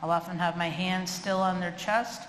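A woman's voice: lowish voice, fairly even intonation, normal speed, fairly bright tone. A woman giving a humorous live lecture on animal behavior and fear, acting out the voices of the people she quotes. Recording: echoey hall, faint room noise.

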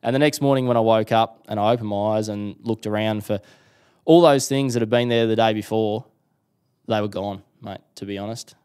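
Young Australian male guest, animated storyteller, low and smooth. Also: brisk. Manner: animated storyteller acting out quotes. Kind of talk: casual storytelling interview.

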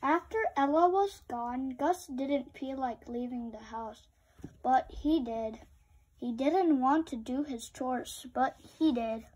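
Slow breathy woman reading aloud. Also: sits high, low-quality recording. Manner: slow, expressive storytelling. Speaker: children's book reader. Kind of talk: read-aloud storytelling.

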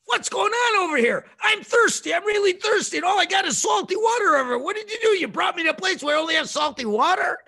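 A man acting out an angry, accusing complainer who shouts his demands. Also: very high voice, expressive, fast, creaky, hardly any pauses, voice pushed up, full character voice. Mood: furious.

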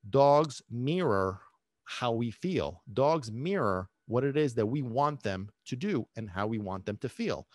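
A male dog trainer hosts a podcast monologue. His pitch rises and falls a lot as he acts out voices and checks in with listeners. The sound is close and dry. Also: dry recording. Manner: animated, acts out voices, asks listeners questions.

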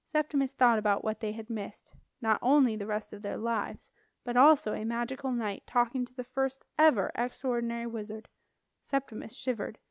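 A woman reading a children's fantasy novel aloud in a calm, even way. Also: on the high side, moderate pace, no echo, clean studio sound. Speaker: audiobook reader. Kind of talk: scripted audiobook narration.

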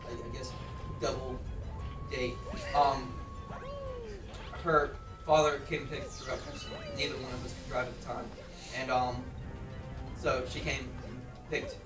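A young man telling a story in a rambling, casual way while playing a game, with lots of fillers and sudden loud outbursts. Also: mid-range voice, recorded from a distance. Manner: rambling, filler-heavy, bursts into loud exclamations. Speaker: let's play host. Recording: echoey room, voice off-mic. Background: game music.

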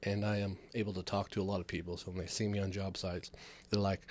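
A man's voice: sits low, little pitch movement, fast talker, darkish tone. A man from California hosting a comedy podcast alone, rambling loosely through filler words and swearing as he talks to camera. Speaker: podcast host. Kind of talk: casual comedic monologue.

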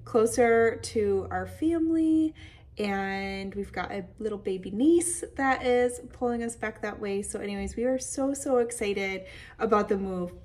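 A woman hosting a casual knitting podcast, chatty and enthusiastic, her voice a little tired and hazy. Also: on the high side. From Michigan. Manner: chatty, warm-hearted, enthusiastic with fillers. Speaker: podcast host. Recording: voice a bit distant from the mic.

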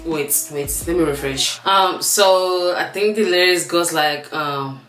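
A young Nigerian woman in her twenties rambles cheerfully to her viewers in a low-pitched, easygoing voice. Her accent is plain in every phrase, and the room around her rings back noticeably, with faint music underneath. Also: unhurried, fairly bright tone, reverberant. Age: 20s. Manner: chatty, playful, rambling with fillers. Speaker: YouTuber. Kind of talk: casual vlog chat.

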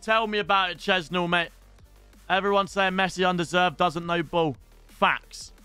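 Excitable young streamer, high and bright, casual and sweary, quiet music in the background. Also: male voice, moderate pace, clear, resonant tone, no room sound. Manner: excitable, shouts at pack pulls, swears. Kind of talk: casual live-stream chat.

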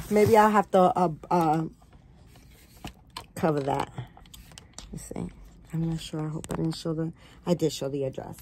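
Woman doll vlogger, unhurried, effusive, filler-heavy, home camera setup, faint room hum. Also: sits low, darkish tone. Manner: gushing, full of "like" and "um" fillers. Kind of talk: casual unboxing vlog. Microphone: phone or camera set nearby.

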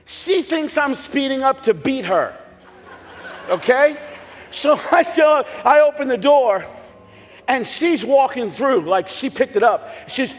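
A pastor preaching a sermon in a church, telling stories with humor and sudden shouted lines. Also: male voice, high-pitched, unhurried, a faint crowd, slight background noise. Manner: animated storytelling with jokes and bursts of shouting. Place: church sanctuary. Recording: long hall reverb, faint music behind.

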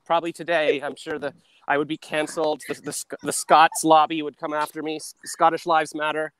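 Man, comedian guest, high voice; rambling, self-deprecating, loose. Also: little pitch movement, fairly quick, fairly bright tone, a little hiss or hum. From Canada. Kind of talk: riffing comedic chat on a video call. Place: outdoors walking in a park. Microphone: phone on a video call.

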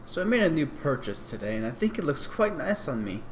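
Excitable man narrating his gameplay. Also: on the high side, brisk, slight background noise. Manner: excitable, swearing, yells at teammates. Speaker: gaming video host. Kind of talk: let's play commentary.

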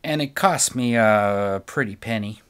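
A man's voice: on the low side, a little slow, a bit bright, clear, resonant tone. A middle-aged man, a guitar maker, speaking unscripted to camera in an impassioned, ranting way, repeating words for emphasis. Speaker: guitar maker selling stands.

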